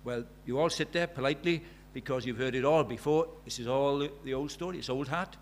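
A man's voice: mid-range voice, a little fast, a little hiss or hum. A man preaching a sermon, emphatic, repeating key phrases and asking the listeners rhetorical questions.

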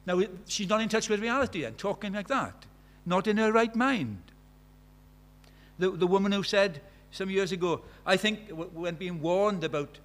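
This sermon comes from a middle-aged Welsh-accented man from Wales whose voice sits fairly high. He alternates forceful, loud proclamations with soft, hushed asides as he preaches.

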